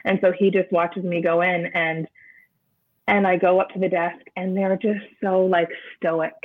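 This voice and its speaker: A woman, an interview guest, recounting a personal experience in a halting way, often restarting as she searches for words. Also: lowish voice, level tone. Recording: narrow phone-like sound.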